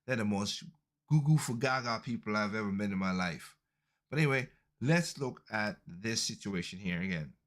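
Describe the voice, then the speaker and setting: A man's voice: lowish voice, expressive, moderate pace, fairly bright tone. A man hosting a casual podcast, commenting on video clips in an emphatic, repetitive way. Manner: emphatic, repeats his points. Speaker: podcast host.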